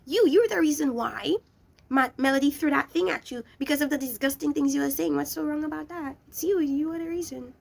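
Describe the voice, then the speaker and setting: A young woman with a high voice and a gravelly edge, ranting through a reality show review. She scolds bluntly and talks straight at the people she criticizes. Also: brisk, a little mellow. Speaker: reality TV recap vlogger.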